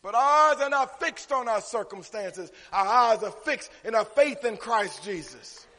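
A high-voiced pastor preaches expressively and a little slowly, engaging the crowd with call-and-response and swelling to shouted peaks. The sanctuary carries a long, hanging reverb, and a little hiss or hum can be heard.

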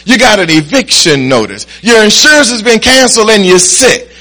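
A preacher man with a high, bright, ringing voice. He works the congregation with call-and-response, sometimes low and close, often building into shouted lines. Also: big pitch swings, moderate pace, poor audio. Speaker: pastor. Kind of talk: sermon.

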